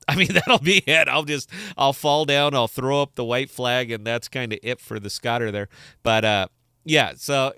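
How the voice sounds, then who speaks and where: A man's voice: mid-range voice, fairly bright tone, clean tone, dry recording, studio quality. Joking, rambling man in his forties. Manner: rambling, joking and self-mocking. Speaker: podcast host. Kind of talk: casual livestream chat.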